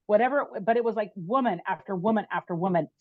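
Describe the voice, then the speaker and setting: Woman, podcast guest, lively storytelling, average pitch, muffled dry sound. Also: fast talker, dry recording. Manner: animated, chatty, frequent "like" and "right?". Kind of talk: personal storytelling in conversation.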